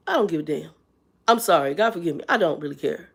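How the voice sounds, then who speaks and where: A woman's voice: deep voice, expressive, fast, gravelly, slightly rough. Blunt woman in her fifties ranting. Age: 50s. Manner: blunt, exasperated, talks straight to viewers. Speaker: channel host. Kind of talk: live-stream rant. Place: Arizona.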